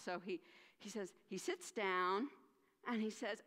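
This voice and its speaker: A woman minister telling a story during a church service, animated, with dramatic pauses and acted voices. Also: medium pitch. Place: church sanctuary. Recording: reverberant church sanctuary.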